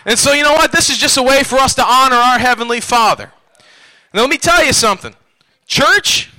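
A male preacher at a church service, urging the crowd on in call-and-response. His voice sits extremely high for a man and rings sharp and piercing. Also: low-quality recording. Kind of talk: revival sermon.

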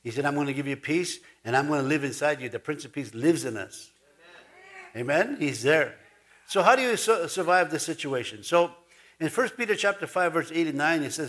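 Folksy preacher, chuckling often. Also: male voice, a little high, animated, a little fast, fairly bright tone. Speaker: pastor. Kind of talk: sermon.

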